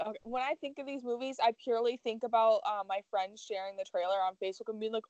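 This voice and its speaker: Female podcast co-host, rapid, fairly high, blunt, dry close sound. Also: steady tone, a little mellow, dry recording. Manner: fast, blunt opinions. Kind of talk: casual group chat about movies.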